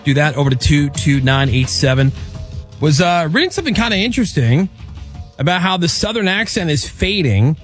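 A man's voice: a little high, very animated, a little fast, faint music behind. A man hosting a morning radio show, chatting loosely and often trailing off mid-thought.

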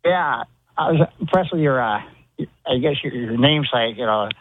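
A man calling in to a radio show, relaxed and rambling with a few hesitations. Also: mid-range voice, normal speed, breathy edge, no echo. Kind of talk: casual call-in chat. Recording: tinny phone line.

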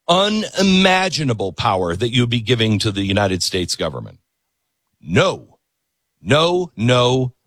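A middle-aged man holds forth as a talk show host, his voice rising and falling with lively swings. He hammers his points home and repeats words for emphasis. The sound is dry and close, with no room around it. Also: medium pitch, dry recording. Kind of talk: political talk radio monologue.

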